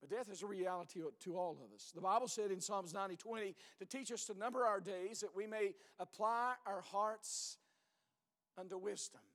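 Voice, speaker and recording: A middle-aged man preaching a sermon as pastor, earnest and hoarse, often sinking to a low, intense voice and repeating his words. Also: fast talker, few pauses, a bit bright, long reverb tail.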